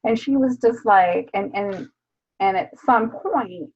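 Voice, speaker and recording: A woman with a gravelly, husky voice co-hosts a casual book club chat. She retells scenes in an animated way, laughing and swearing. The sound is dull and lo-fi. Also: mid-range voice, takes it slowly.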